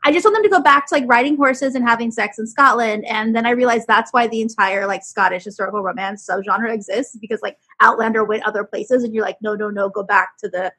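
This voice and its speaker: An excitable, giggly woman chatting on a podcast. Her voice is breathy and pitched a little high. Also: quick pace, few pauses. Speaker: podcast guest. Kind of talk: casual group chat.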